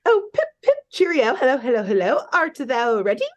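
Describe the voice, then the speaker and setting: A woman doing a giant strongman's squeaky little voice. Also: sing-song, fairly quick, highs cut off. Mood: silly. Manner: high-pitched put-on voice, playful. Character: huge British strongman with a tiny squeaky voice.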